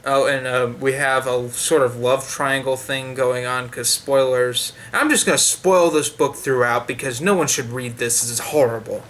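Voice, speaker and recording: Profane, sarcastic man with a bright voice. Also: mid-range voice, fairly even intonation, moderate pace, few pauses. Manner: profane, sarcastic, frequent fillers. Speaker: book reviewer. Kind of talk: ranting casual review.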